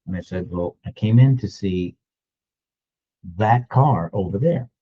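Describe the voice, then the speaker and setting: A man in his sixties telling a story in a casual, animated way, acting out other people's lines as he goes. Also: lowish voice, a little slow, husky, dull audio. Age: 60s. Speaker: real estate agent. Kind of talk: storytelling vlog.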